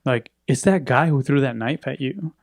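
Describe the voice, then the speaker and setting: A man's voice: medium pitch, normal speed, vocal fry. A man telling a story in casual chat, acting out the people in it. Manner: animated, acts out quoted voices.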